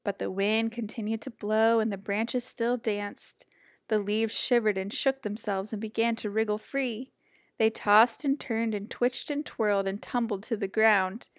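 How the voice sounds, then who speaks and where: A woman reading a children's picture book aloud in a gentle, expressive storytelling voice. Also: mid-range voice, a little slow, no room sound, clean studio sound.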